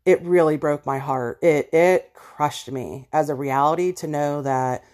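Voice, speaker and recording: A woman's voice: low-pitched, steady tone, measured pace, a little mellow. A woman hosting a personal monologue episode, speaking bluntly and passionately and appealing directly to listeners. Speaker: podcast host.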